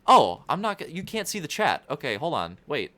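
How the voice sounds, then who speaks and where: A man's voice: on the high side, huge pitch swings, a little fast, bright, forceful tone. A young man rambling through casual livestream race commentary, profane and constantly interrupting himself.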